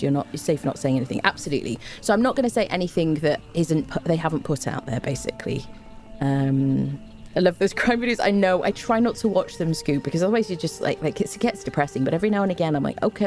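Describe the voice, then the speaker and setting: Gushing low-voiced woman streamer. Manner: gushing, excitable, chatty, greets viewers by name. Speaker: streamer reading live chat. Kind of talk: excited casual livestream chat.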